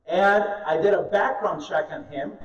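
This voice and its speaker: A high-voiced man tells animated stories and jokes with an audience during a live meetup talk. He sounds distant and muffled, picked up across an echoey meeting room. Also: a little slow. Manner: animated storyteller, joking with the audience. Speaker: speaker at an investor meetup.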